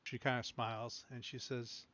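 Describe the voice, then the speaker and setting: A man's voice: mid-range voice, level tone, moderate pace, bright, forceful tone. A man narrating as game master in a loose, casual way, full of fillers, with dull lo-fi sound. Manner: loose, filler-heavy description.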